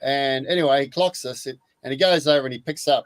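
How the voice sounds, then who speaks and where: An Australian man in his sixties telling a story in casual chat, lively and repeating his words as he goes. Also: medium pitch, fast, clean tone, no echo, rough recording. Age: 60s. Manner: animated anecdote teller, repeats words.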